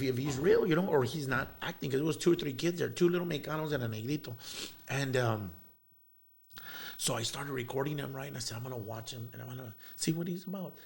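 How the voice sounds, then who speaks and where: A man's voice: medium pitch, creaky. A man, telling a heartfelt story as an interview guest, rambling with many fillers and bits of Spanish slang. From South Texas.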